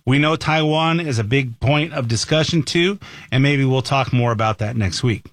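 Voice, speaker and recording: Male radio host in a dry studio, speaking at a middle pitch, opinionated and chatty. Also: moderate pace, no echo. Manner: opinionated, conversational. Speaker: talk show host. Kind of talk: radio talk commentary.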